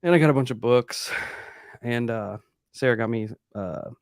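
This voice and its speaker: A man's voice: medium pitch, moderate pace, no echo, clean studio sound. A middle-aged man co-hosting a podcast over a choppy internet call, talking in a laid-back, slangy way. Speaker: podcast co-host. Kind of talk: casual chat. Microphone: boom-arm mic over a call.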